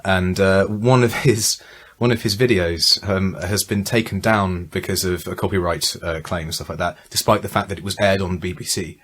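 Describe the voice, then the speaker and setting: A man's voice: low-pitched, steady tone, normal speed, hardly any pauses, a bit bright, slightly rough. A man co-hosting a podcast, rambling and joking with restarts as he chats. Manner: rambling, self-interrupting, joking. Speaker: podcast co-host. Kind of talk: casual chat.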